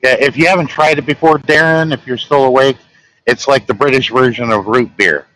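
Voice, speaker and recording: A man with a Southern American accent chatting casually and telling folksy, relaxed stories. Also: mid-range voice, brisk, poor audio. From southern United States. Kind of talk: casual chat.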